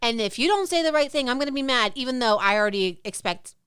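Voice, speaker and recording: A woman's voice: on the high side, expressive, fast, fairly bright tone, clean tone, dry recording, studio quality. A woman co-hosting a podcast, chatting frankly and swearing freely in a casual talk. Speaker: podcast co-host. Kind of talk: candid casual chat.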